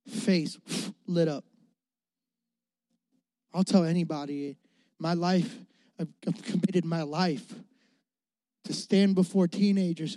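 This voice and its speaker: A man's voice: fairly high pitch, warm tone, no room sound. A young adult man, a youth pastor, preaching a sermon with emphatic repetition and rising and falling volume.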